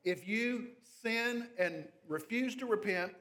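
A man with a notably high-pitched voice preaches an expository sermon. He leans hard on key phrases and drops dry asides to the congregation. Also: unhurried, fairly bright tone. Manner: emphatic, builds intensity on key phrases, wry asides. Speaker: pastor.

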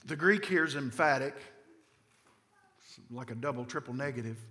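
A man's voice: mid-range voice, lively intonation, normal speed, sharp tone. A man with a Southern American accent preaching a sermon as pastor, emphatic and full of repetition and rhetorical questions. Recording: long reverb of a large hall.

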